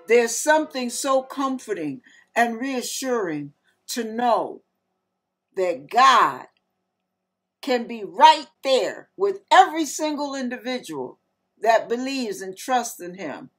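Woman doing a devotional bible talk, real slow and tender, faint music underneath. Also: on the high side, very animated, fairly bright tone. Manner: heartfelt, tender, reads King James scripture aloud. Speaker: online ministry host. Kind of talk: devotional scripture teaching.

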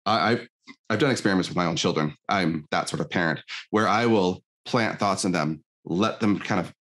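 A man's voice: deep voice, moderate pace. A middle-aged man, a life coach, telling stories on a podcast and acting out the dialogue in them. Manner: animated storyteller, acts out quoted dialogue. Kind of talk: conversational podcast interview.

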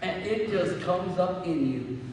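A man's voice: high-pitched, lively intonation, unhurried, a little hiss or hum. A man preaching a sermon as pastor, repeating phrases and building into fervent prayer. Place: church sanctuary. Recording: echoey church hall, mic at a distance.

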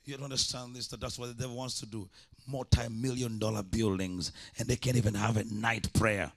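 A man's voice: lowish voice, fairly even intonation, brisk. A man preaching a sermon as an evangelist, impassioned, with repeated call-and-response lines.

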